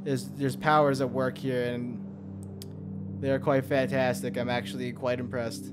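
Against a noisy background, a young man mutters and swears his way through rambling gameplay commentary, now and then yelping in alarm. His mid-range voice is flat and unhurried.

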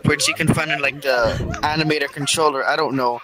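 A man's voice: on the high side, fairly even intonation, quick pace, a crowd in the background, poor audio. A man giving a rambling, hedging explanation. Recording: loud noise behind.

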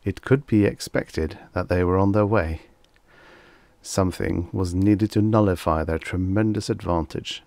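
A man narrating a vintage science fiction story in a measured, dramatic storytelling manner, on a close microphone. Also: low-pitched, vocal fry, a little mellow, dry recording. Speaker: audiobook narrator.

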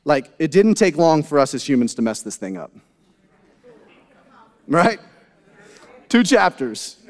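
High-voiced pastor preaching in a hall. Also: male voice, big pitch swings, a little slow. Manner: conversational, rhetorical questions and asides to the congregation. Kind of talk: sermon. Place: church sanctuary. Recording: long hall reverb.

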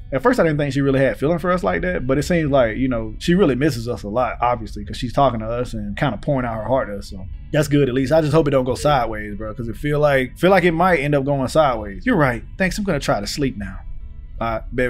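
Lively, hyped man in game commentary. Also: mid-range voice, fast talker. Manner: hyped, reads text messages aloud and reacts with slang banter. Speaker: gaming video host. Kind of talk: playthrough commentary. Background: faint game music.

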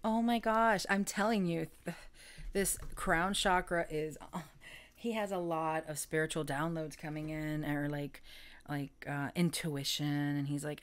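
A woman's voice: low voice, fairly even intonation, normal speed. A woman giving a casual, chatty tarot reading, rambling, self-correcting and often breaking into laughter. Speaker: tarot reader.

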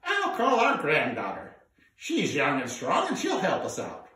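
A man's voice: a little high, wildly swooping pitch, a little slow, pushed and bright, full character voice. A man voicing a bossy, teasing old grandmother with a chiding manner, heard in an echoey room from a distance. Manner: sassy, chiding.

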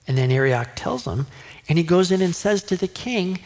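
A man's voice: high voice, expressive, normal speed. A male pastor preaching a sermon in a conversational way, now and then acting out the voices of people in the story. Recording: long hall reverb.

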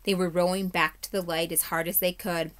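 A woman's voice: lowish voice, a little fast. A woman teacher reading a chapter book aloud to her class, telling it expressively with the odd slip. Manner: expressive storytelling, occasional slips. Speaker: third grade teacher.

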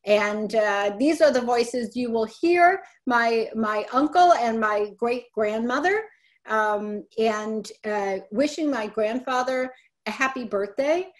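A woman's voice: on the high side, expressive, takes it slowly. A middle-aged woman presenting a webinar talk, speaking conversationally and often correcting herself. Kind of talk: webinar talk on family papers.

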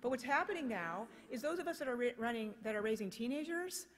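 A woman's voice: fairly high pitch, animated, quick pace, slight background noise. An American woman giving a conference keynote, speaking passionately and emphatically with many rhetorical questions. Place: conference hall. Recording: long reverb of a conference hall.

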